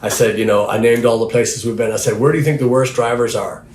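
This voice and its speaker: A man's voice: mid-range voice, steady tone, fast, a little mellow. A man hosting a podcast, chatting and rambling casually with plenty of laughs, recorded in a living room at night. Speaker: band member and podcast host. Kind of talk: casual chat. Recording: roomy with faint background noise.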